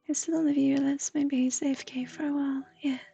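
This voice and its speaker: A woman giving a gentle, half-whispered livestream psychic reading. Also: high voice, little pitch movement, fast talker, gravelly, faint music behind. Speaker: intuitive reader.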